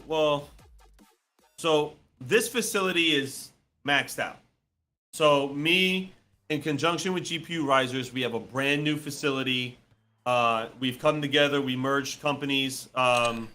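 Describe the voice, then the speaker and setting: A man co-hosting a casual livestream, talking in a loud, excitable, hype-filled way. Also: medium pitch. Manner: loud, excitable, pleading and hyping. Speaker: co-host, mining business owner.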